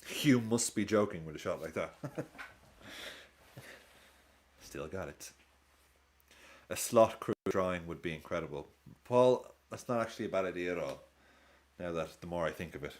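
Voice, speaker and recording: A man's voice: normal speed, pauses often, a little hiss or hum. A man hosting a live football watch-along stream, casually chatting with viewers and reacting to the match. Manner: chatty, reacts to play and reads chat aloud; lively swings in pitch.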